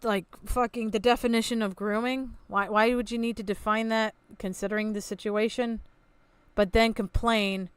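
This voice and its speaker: A woman's voice: fairly high pitch, a bit bright, smooth, no room sound. A woman hosting a reaction commentary, ranting in a sarcastic, exasperated way and swearing freely. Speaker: commentary channel host.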